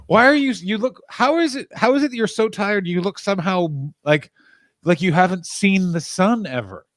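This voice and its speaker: Teasing, ranting man with a higher voice. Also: lively intonation, a bit bright, no echo, clean studio sound. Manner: ranting, teasing, quick jokes. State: tired. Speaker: podcast co-host. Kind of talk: casual stream chat.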